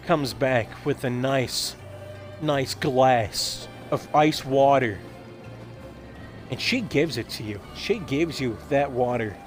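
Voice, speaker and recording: A man's voice: mid-range voice, slow pace, soft background music. A young man rambling in a goofy comedic monologue while gaming, often repeating and stumbling over his words. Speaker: gaming streamer.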